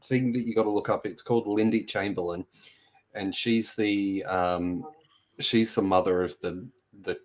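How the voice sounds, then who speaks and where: A man co-hosting a casual podcast chat, talking in a laid-back way with pauses and fillers. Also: fairly low pitch, fairly even intonation. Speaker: podcast co-host.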